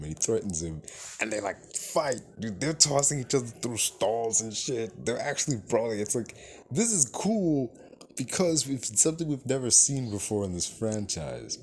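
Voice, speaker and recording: A man's voice: fairly low pitch, a little hiss or hum. A man giving a casual, profane movie review, ranting in an exasperated way and acting out what the characters say. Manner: animated, profane, exasperated rant with acted-out quotes.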